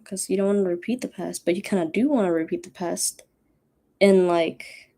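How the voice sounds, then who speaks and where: A woman's voice: on the low side, creaky, warm tone. A young woman, a college student, rambling casually on her study stream with self-mocking asides. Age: young adult.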